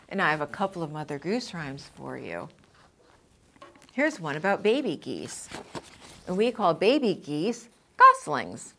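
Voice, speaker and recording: A middle-aged woman who works as a children's librarian, singing nursery rhymes and talking to puppets with slow, clearly sounded words, recorded in a small TV studio. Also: low voice, sing-song, fairly bright tone. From Connecticut. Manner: sing-song, slow and clearly enunciated.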